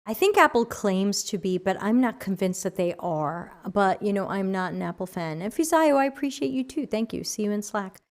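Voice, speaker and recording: A woman hosting a casual livestream Q&A, chatty and animated, reading chat questions aloud, her voice tired after an hour of talking. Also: mid-range voice, moderate pace, few pauses. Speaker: livestream AMA host.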